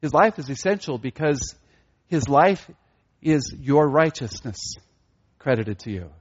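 A man preaching a sermon with emphatic delivery, repeating key phrases and rising in pitch to stress a point. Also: expressive, measured pace, husky. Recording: dull lo-fi recording.

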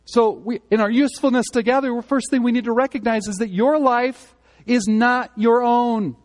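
A man giving a sermon as pastor, speaking conversationally and swinging between loud emphatic moments and quiet earnest ones. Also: very high voice, steady tone, normal speed. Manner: conversational preaching, rising and falling in emphasis.

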